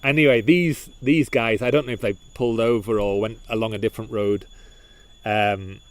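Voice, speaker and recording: A man co-hosting a podcast, telling a story in casual chat, animated and full of restarts and repeated words. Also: lowish voice, normal speed. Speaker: podcast co-host.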